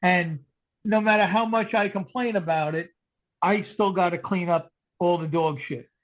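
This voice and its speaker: A middle-aged man with a high voice tells stories in loose podcast chat, acting out every quote. His voice comes through a dull, lo-fi recording. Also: moderate pace. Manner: animated storyteller, acts out quotes. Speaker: comedian and podcast regular. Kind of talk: casual storytelling chat. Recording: dull lo-fi sound.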